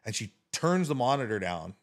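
A man telling a casual story as a podcast guest, animated and swearing freely, talking with his hands. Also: medium pitch, normal speed.

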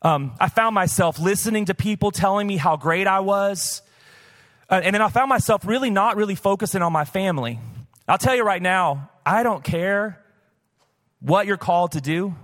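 Brief: male pastor, fairly high voice, candid conversational sermon, live church hall echo. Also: animated, moderate pace, a bit bright. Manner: conversational, candid preaching with casual asides. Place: church sanctuary, live service. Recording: long church hall reverb.

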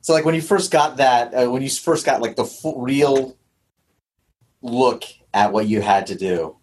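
Husky-voiced man asking probing questions. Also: medium pitch. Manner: probing questions, halting restarts, reflective. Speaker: interview host from the dojo. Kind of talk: conversational interview.

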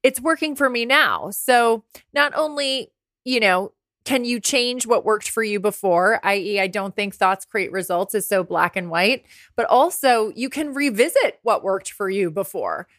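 Talking openly and casually with the occasional curse, this forties-aged podcast host records a solo episode in her oceanside apartment. She has a mid-range, fairly bright voice and goes a little slow. The sound is clean studio audio without echo.

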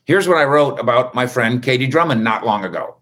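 A man's voice: mid-range voice, animated, a little fast, a bit bright. A man hosting a casual sports recap, chatty and wisecracking with rambling asides. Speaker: sports reporter host.

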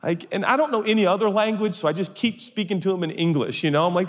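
Speaking fast in a high-pitched voice, a pastor tells comic stories during a sermon, animatedly acting out voices. He's addressing a live audience in a large hall, and the recording has long hall reverb.

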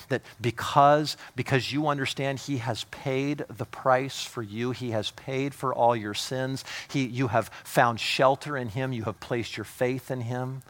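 A man preaching a sermon as a pastor. He talks with emphatic urgency that drops to hushed intimacy, repeating words when fired up. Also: medium pitch.

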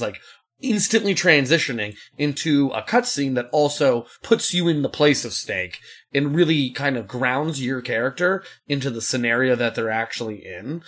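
A man co-hosts a casual podcast chat with a husky, slightly raspy voice. His pitch moves around a lot as he rambles loosely and cracks jokes. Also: a bit bright. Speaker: podcast co-host.

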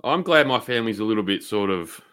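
A man's voice: fairly low pitch, expressive, fast talker, bright, forceful tone, clear, resonant tone. A man with an Australian accent co-hosting a podcast in casual, rambling banter and swearing freely. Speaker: podcast co-host.

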